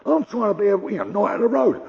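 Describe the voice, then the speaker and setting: An older man doing gruff, conversational stand-up storytelling. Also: high voice, very animated, fast talker, dull audio. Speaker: stand-up comedian.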